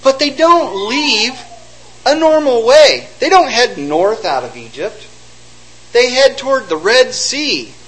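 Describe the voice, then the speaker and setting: A man with a high, lively voice preaches a sermon, retelling old stories and slipping into the voices of the people in them. His pitch jumps around a lot as he drives each point home. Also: takes it slowly, slightly rough, poor audio. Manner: animated storytelling, acting out quotes.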